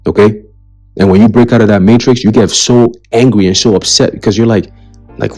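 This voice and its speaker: A man's voice: on the low side, fairly even intonation, a little fast, darkish tone, soft background music. Profane, preachy male ranter. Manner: blunt, profane and heated, repeats "okay?" as a tag; preacherly, warns of coming doom. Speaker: commentary channel host. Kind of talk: ranting commentary on a list of news items.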